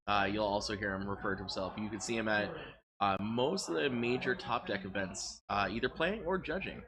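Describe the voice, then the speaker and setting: A man doing relaxed live commentary on a card game tournament, chatty and low on energy. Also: brisk, crowd noise. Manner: relaxed, chatty, lots of filler words.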